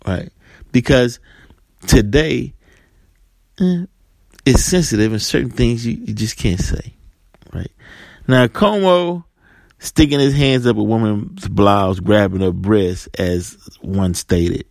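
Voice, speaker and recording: A man delivers a casual monologue to camera, acting out scenes and voicing dialogue for different characters, driving points home with "right?" amid some fillers and repeated words. He's lowish and darkish in tone, slow with long pauses and vocal fry, on a dry recording.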